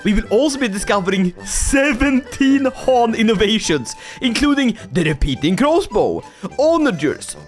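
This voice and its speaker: A man giving energetic, jokey commentary on his strategy game playthrough, sometimes putting on voices for the characters. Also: very high-pitched, moderate pace, soft background music. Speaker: gaming YouTuber.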